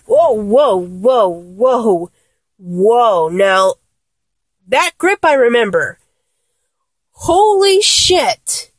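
Woman VA as a young woman, flustered and blunt, slow and drawn out, lively pitch. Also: husky, no room sound, heavily acted. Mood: exasperated. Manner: exasperated, swears a lot, stammers. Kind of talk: one-sided audio role-play.

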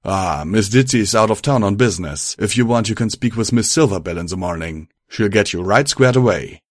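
Loud folksy pony guard, a man doing it, low and dry. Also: expressive, brisk, dry recording. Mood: friendly. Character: gruff male pony town guard, friendly once at ease.

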